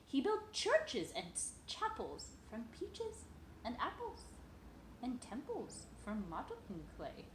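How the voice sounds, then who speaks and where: A woman's voice: fairly high pitch, huge pitch swings, slow, reverberant, slight background noise, poor audio. A woman reading a children's picture book aloud at home, sing-song and playful, talking to a toddler between pages.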